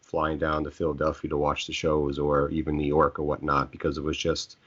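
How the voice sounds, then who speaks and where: A middle-aged man with a very deep voice hosts a casual chat among friends. He rambles, restarts and stumbles over his words. The recording sounds dull and lo-fi. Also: monotone, fairly quick, fairly bright tone. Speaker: host.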